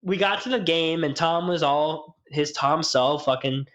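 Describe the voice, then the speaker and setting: A young man with a notably high voice tells an old college story on a podcast. He talks casually and animatedly, swears freely and laughs now and then. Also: lo-fi sound. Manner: animated, profane, quick bursts of laughter. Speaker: podcast co-host.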